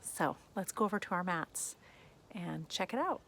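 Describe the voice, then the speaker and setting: A woman's voice: on the low side, lively intonation, moderate pace, fairly bright tone, a little hiss or hum. A woman leading a guided kids yoga class, cueing poses in an upbeat, playful way and making animal sounds.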